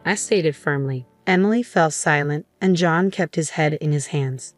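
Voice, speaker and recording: A woman reading a first-person story aloud in a calm, even voice. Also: low-pitched, unhurried, few pauses, no echo, soft background music. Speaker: narrator.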